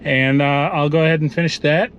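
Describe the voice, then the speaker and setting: A man's voice: fairly high pitch, fairly even intonation, brisk, fairly bright tone, dull audio, slight background noise. A man chatting casually as a lawn care vlogger, telling stories to his viewers outdoors. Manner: chatty, storytelling, addresses viewers as ninjas. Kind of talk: casual vlog narration. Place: outdoors at a yard.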